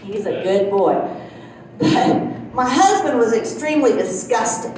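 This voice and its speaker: Woman in her fifties, stand-up comic, self-deprecating stories, high voice, very echoey club room. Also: animated, a little slow, a little mellow, a little hiss or hum. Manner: self-deprecating storytelling, acts out quotes, laughs often. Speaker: stand-up comedian. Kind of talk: stand-up comedy set. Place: comedy club stage. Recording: very echoey club audio from far off.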